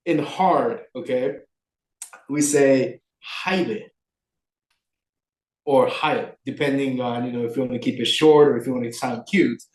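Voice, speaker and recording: A young man co-hosting a podcast, telling a story in a lively way with many fillers. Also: medium pitch, moderate pace, roomy sound, rough recording. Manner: animated, filler-heavy storytelling. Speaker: podcast co-host. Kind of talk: casual storytelling chat.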